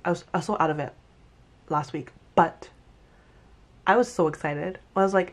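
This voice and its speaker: A young woman giving a casual, animated TV recap, chatting fast and acting out lines with exaggerated voices. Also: low voice. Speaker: TV recap vlogger. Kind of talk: casual commentary.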